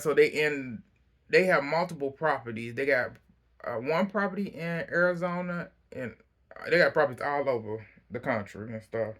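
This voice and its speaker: A man casually recapping a reality TV episode, chatty and opinionated, breaking into animated asides. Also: fairly high pitch.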